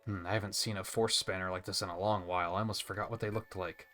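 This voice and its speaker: A man's voice: deep voice, fairly even intonation, quick pace, fairly bright tone, faint music behind. A man reading aloud the lines of a weary exiled clan survivor in a video game, in a plain, thoughtful tone. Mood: reflective.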